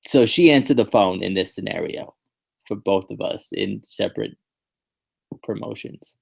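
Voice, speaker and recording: A man's voice: fairly low pitch, normal speed, gravelly, husky. A man hosting a podcast in casual chat, joking and rambling with fillers and restarts. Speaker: podcast host.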